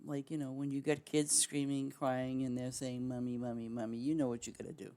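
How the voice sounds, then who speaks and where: A woman game streamer signs off with her viewers in casual chat, rambling with plenty of fillers and restarts. Her bass voice has a warm tone, with a flat delivery at normal speed.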